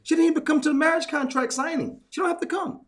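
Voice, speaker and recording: A man's voice: very high voice, fast talker. A man on a casual group talk show, telling a story with lots of repetition for emphasis. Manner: animated storyteller, repeats phrases for emphasis.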